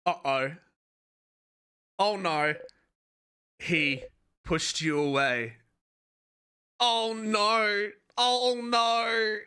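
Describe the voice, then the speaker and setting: Laughy gamer streamer, slow talker, voice jumps all over, game music behind. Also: medium pitch, smooth. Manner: excitable, laughs often, reads dialogue aloud. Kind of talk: casual let's-play commentary.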